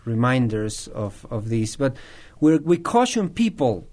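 A man answers interview questions in an everyday mid-range voice. He trains people in nonviolent communication and tells his stories thoughtfully. He pauses often and starts his sentences over. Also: medium pitch, sing-song, a little mellow. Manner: thoughtful, with frequent restarts and pauses.

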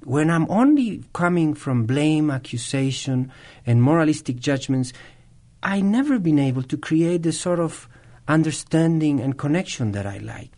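A man who trains people in nonviolent communication answers interview questions and tells a story, speaking thoughtfully with frequent pauses and restarts. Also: fairly high pitch, expressive, darkish tone.

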